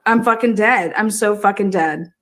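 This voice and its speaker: A woman with a medium-pitched voice hosts a true crime livestream at a moderate pace. Her rant is loud, crude and casual, full of swearing and frequent cackling.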